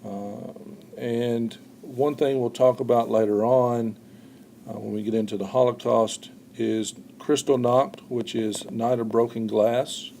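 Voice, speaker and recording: Gravelly-voiced man giving a history lecture. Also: medium pitch, steady tone, measured pace, mellow, slight background noise. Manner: explanatory, frequent "uh" fillers, repeats words. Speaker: history teacher. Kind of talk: recorded classroom lecture.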